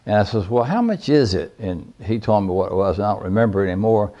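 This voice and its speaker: Older man, folksy mellow storyteller. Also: lowish voice, expressive, quick pace, muffled recording. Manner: folksy, rambling, plainspoken. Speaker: veteran caver recounting his history. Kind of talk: personal storytelling.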